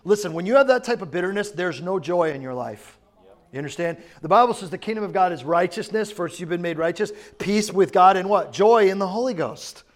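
A pastor with a high voice preaches briskly and conversationally, often asking the congregation whether they understand.

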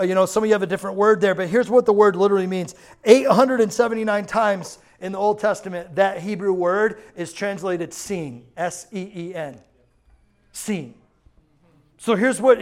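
A man preaching a sermon in an animated way, acting out quotes and laughing often. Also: high-pitched. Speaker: pastor.

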